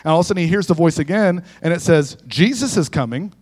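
A man's voice: a little high, fairly even intonation, racing, darkish tone. Conversational man preaching in an echoing hall. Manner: conversational and joking, checks in with the crowd. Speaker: guest preacher. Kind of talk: sermon. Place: church. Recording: long echo of a large hall.

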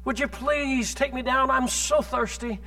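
A preacher putting on a thirsty, pleading rattlesnake in a sermon story, with a soft, whimpering voice. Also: male voice, very high-pitched, measured pace, recorded from a distance, full character voice.

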